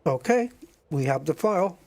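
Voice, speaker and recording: At his home desk with a joystick, a streamer plays a space game and chats casually with viewers, calling them guys, thinking aloud, and humming while he waits. His voice is a little high, gravelly, a little mellow, and animated, at normal speed.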